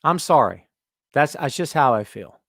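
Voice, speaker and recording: A man's voice: fairly high pitch, sing-song, normal speed, a bit bright, dry recording, studio quality. A man hosting a wrestling podcast, ranting emphatically and repeating himself, then answering chat questions casually. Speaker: podcast host.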